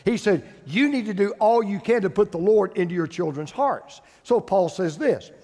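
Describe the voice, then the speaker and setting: A man's voice: high-pitched, expressive, moderate pace, mellow. An older man preaching a sermon as pastor, emphatic, repeating phrases for stress. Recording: long hall reverb.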